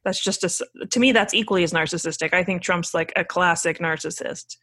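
A woman's voice: lowish voice, a little fast, sharp tone, breathy edge. A woman co-hosting a podcast in casual chat, asking questions and pushing back with reasoned points. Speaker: podcast co-host.

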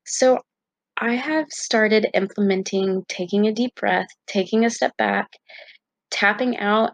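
A woman's voice: medium pitch, unhurried, dry recording, muffled recording. A young woman vlogging to her viewers in a candid, chatty way with lots of fillers. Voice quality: gravelly fry. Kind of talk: casual talk to camera.

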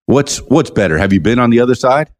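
A man's voice: medium pitch, expressive, quick pace, a little hiss or hum. A man hosting a casual podcast interview, chatty and jokey, often repeating words as he goes. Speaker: podcast host.

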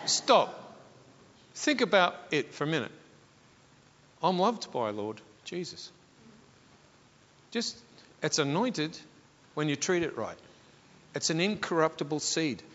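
Brief: male pastor, high, bright voice, unhurried delivery, leads call-and-response. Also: expressive. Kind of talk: sermon. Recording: echoey hall, dull sound.

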